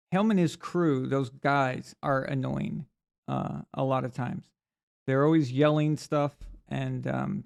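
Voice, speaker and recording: A man's voice: mid-range voice, vocal fry. A man hosting a live sports talk stream, rambling through opinions with lots of restarts and fillers. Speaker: sports talk show host. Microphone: desk mic on camera.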